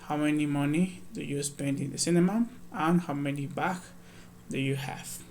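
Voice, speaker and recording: Male ESL teacher, gravelly, slightly high voice, patient step-by-step workbook walkthrough, faint hiss behind. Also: normal speed, a little mellow. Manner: patient, explains step by step, reads examples aloud. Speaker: English teacher.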